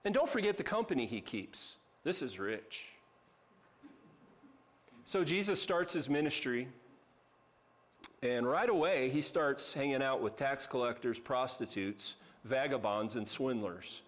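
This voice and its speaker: A man's voice: mid-range voice, animated, measured pace. A man preaching a sermon as pastor, conversational and emphatic, with casual asides.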